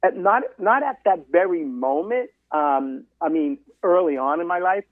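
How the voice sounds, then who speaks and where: A man's voice: high-pitched, moderate pace, no echo. A man around seventy from Massachusetts, a marathon runner and guest, telling his story in an interview and acting out his dialogue with other people. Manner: animated storyteller who quotes people in dialogue. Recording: dry, phone-like line.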